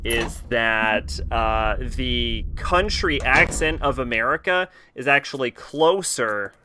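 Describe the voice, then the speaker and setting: Bright-voiced man rambling over gameplay. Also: medium pitch, lively intonation, takes it slowly, a little hiss or hum. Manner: rambling, profane, joking. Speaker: streamer. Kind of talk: casual gameplay commentary.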